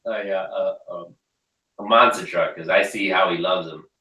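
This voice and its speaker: A young man hosting a casual chat about RC cars, telling animated stories about his kids. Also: sits low, moderate pace, far from the mic. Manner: animated storyteller who acts out his kids' lines. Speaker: host of an RC hobby hangout. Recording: echoey room, a bit off-mic.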